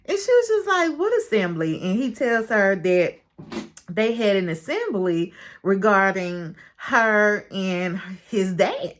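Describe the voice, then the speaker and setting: Woman doing a casual show recap, expressive, tells it like gossip. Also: mid-range voice, takes it slowly. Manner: chatty and expressive, calls listener "baby"; retells scenes with quoted dialogue.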